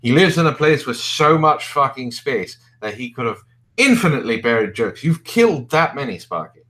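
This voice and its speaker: A man's voice: medium pitch, big pitch swings, moderate pace, bright, forceful tone. A man hosting a podcast, giving sarcastic, profane commentary. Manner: sarcastic, swears freely. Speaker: podcast host.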